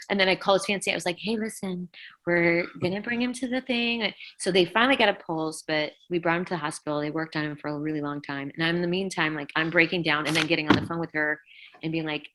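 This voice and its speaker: A woman's voice: lowish voice, fairly bright tone, rough recording. A middle-aged woman, a rock singer, telling an emotional story in an interview and acting out what people said. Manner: vivid retelling, acting out quotes, many "like"s. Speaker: rock vocalist, interview guest.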